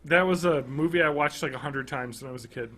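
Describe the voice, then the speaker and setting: A man in his thirties co-hosting a podcast, chatting casually and enthusiastically, rambling and swinging between loud bursts and quiet mumbles. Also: a little high, fast. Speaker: podcast co-host. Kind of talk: casual chat.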